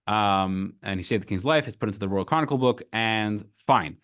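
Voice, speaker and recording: Man, rabbi, class lecture, animated, casual. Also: on the low side, a little fast, clean tone. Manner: animated storytelling with acted voices; casual, with fillers.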